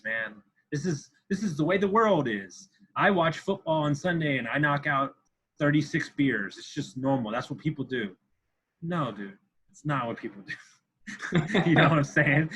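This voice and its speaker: A man's voice: mid-range voice, a bit bright, breathy edge, low-quality recording. A man in his thirties talking as a podcast guest, intense and profane, repeating himself for emphasis. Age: 30s. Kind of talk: candid interview talk.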